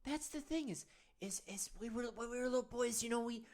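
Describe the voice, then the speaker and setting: A man's voice: very high-pitched, a little fast. A man playing a self-serious male men's-wellness guru, leading a parody of a guided meditation in an earnest, coaxing, rambling way.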